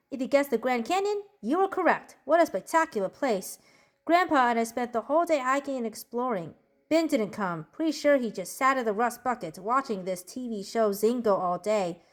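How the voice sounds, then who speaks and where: A woman voicing a cheerful, bookish preteen girl in a journal-style character monologue, bubbly and giggly as she tells jokes. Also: high-pitched. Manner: bubbly, giggly joke-telling.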